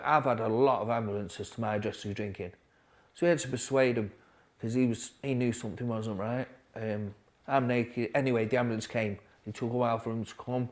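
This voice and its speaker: A man, a podcast guest quietly telling his recovery story in a halting way, with restarts. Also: fairly low pitch. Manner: quiet, halting storytelling with restarts, dropping softer at hard moments.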